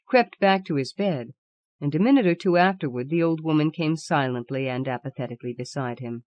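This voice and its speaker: A woman narrates an audiobook in a measured, even manner. Her voice sits low, and the recording is dry and close. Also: no echo. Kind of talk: scripted narration.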